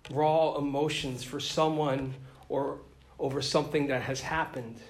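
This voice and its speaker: A man's voice: a little high, reverberant. A man reading a gospel passage aloud and then preaching an earnest, reflective homily. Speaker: priest or deacon.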